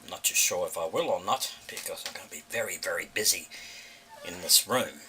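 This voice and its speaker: A man's voice: low voice, lively intonation, a little fast, pushed and bright, far from the mic, slight background noise. An Australian man chatting casually in a vlog, rambling, thinking aloud and chuckling often, recorded indoors. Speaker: vlogger. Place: indoor room.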